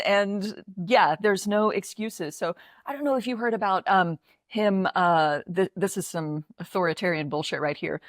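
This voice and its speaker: American female co-host, mid-pitched, blunt and profane, close dry mic. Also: moderate pace, dry recording. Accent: American English. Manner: blunt, swears freely, exasperated rants. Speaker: podcast co-host. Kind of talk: casual political chat.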